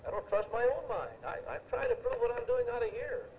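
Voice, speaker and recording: An older man delivers a sermon in a high, lively voice, driving points home with repetition and homespun stories. Faint noise sits under the recording. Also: a little fast, poor audio. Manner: emphatic, anecdotal, repeats phrases for effect. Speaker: preacher.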